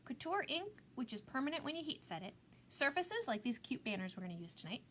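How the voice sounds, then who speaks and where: A woman's voice: high voice, big pitch swings, fast talker, fairly bright tone, slight background noise. A middle-aged woman hosting a casual live craft demo, chatty and self-mocking, laughing at herself often.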